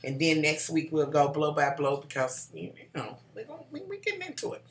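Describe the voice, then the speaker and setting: A woman's voice: low voice, huge pitch swings, a little fast. A middle-aged woman, reviewing a TV show in sassy, salty casual chat and calling her viewers honey. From Kentucky, USA. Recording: roomy echo.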